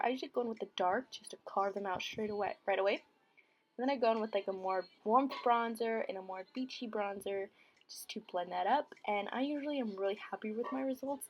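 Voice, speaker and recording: Young woman, beauty vlogger, casual chatty voice-over, vocal fry, mid pitch. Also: fast talker, a little hiss or hum. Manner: chatty, full of "like" fillers. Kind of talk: casual makeup voice-over chat.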